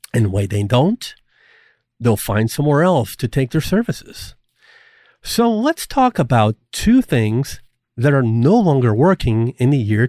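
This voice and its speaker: Man, middle-aged, course instructor, warm mellow voice, earnest and deliberate, dry close recording. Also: medium pitch, no echo. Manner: earnest, deliberate delivery with emphatic rises. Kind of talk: scripted course lecture.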